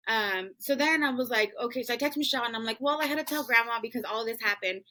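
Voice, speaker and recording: A woman's voice: fairly high pitch, fast, bright, forceful tone, poor audio. A woman hosting a podcast, telling a personal family story in a casual, chatty way full of "um" and "like". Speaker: podcast host.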